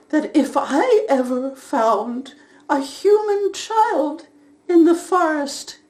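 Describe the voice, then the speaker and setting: A woman's voice: high voice, darkish tone, full character voice. A woman voicing a weepy, remorseful male fawn who sobs and wails as he talks. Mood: confessing. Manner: sobbing, wailing.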